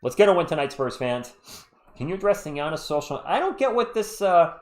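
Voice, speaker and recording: A man's voice: on the high side, big pitch swings, brisk, a little hiss or hum. A man hosting a fan live stream of a basketball game, calling the plays while chatting with viewers in the chat, sounding a little congested. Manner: chatty, reads live chat between calls. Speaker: live stream play-by-play host. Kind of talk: fan play-by-play commentary with chat.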